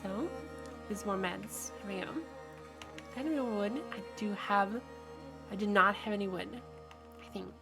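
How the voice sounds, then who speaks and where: A woman game streamer chatting casually with her audience. She teases viewers playfully, laughing often. Her voice sits at an everyday middle pitch, with soft music playing faintly in the background. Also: moderate pace, long pauses. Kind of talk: casual live-stream chat.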